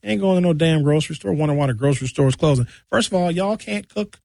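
A man's voice: on the high side, fast, creaky, a little mellow, no room sound, studio quality. A man delivering an opinionated, mocking rant as a monologue. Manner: ranting, mocking. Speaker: commentator.

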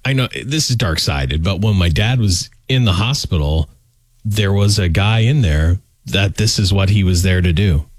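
A man's voice: low voice, expressive, normal speed, dry recording, clean studio sound. A man co-hosting a radio show in casual banter, joking and rambling, often trailing off and restarting.

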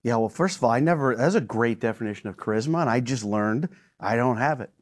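A man's voice: mid-range voice, lively intonation, quick pace. A man guesting on a comedic chat, joking and self-deprecating.

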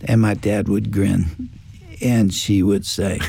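An older man telling a family story in a reflective faith talk, with pauses and fillers. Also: fairly low pitch, flat delivery, vocal fry, dark tone, breathy edge. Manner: slow, reflective, with fillers and quoted dialogue. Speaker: guest.

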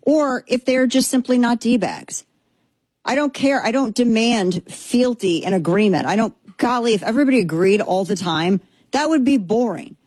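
Her pitch is fairly high with a breathy edge, and she talks at normal speed on a dry recording. She's a thirtysomething Texan hosting a casual commentary show, sarcastic and animated, emphatically saying things twice, using a headphone microphone.

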